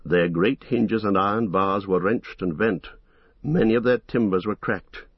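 A man narrating an epic fantasy audiobook in a measured, dramatic storytelling manner. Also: lowish voice, husky, no echo, lo-fi sound.

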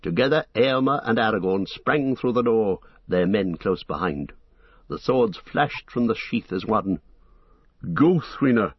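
A man narrating an epic fantasy audiobook in a measured, dramatic storytelling manner. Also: lowish voice, husky, no room sound, highs cut off.

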